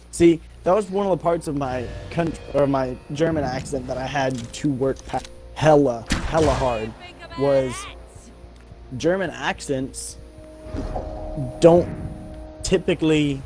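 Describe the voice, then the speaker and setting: A man talking casually while he plays a game live, at a middle pitch. He rambles in a relaxed way and curses freely whenever the match goes badly. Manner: chatty, swears freely at the game. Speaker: streamer. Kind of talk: casual chat while gaming.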